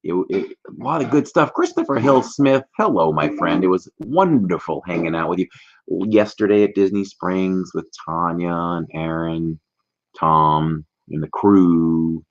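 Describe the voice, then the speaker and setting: A middle-aged man hosting a casual livestream from a warm room at home, chatty and greeting viewers by name. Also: low voice, unhurried. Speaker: livestream host. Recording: slightly dull lo-fi stream audio.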